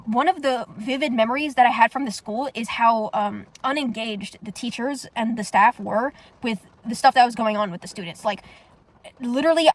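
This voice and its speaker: Fast-talking, blunt young woman. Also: on the high side, dry recording. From United States. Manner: blunt, profane, animated storytelling. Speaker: vlogger. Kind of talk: casual storytime monologue.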